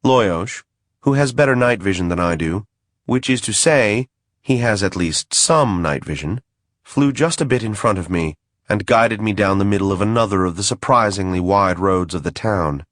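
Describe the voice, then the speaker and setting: A man's voice: fairly low pitch, expressive, moderate pace, a bit bright, no room sound. A man reading a first-person fantasy audiobook in a dry, wry manner. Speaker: audiobook narrator.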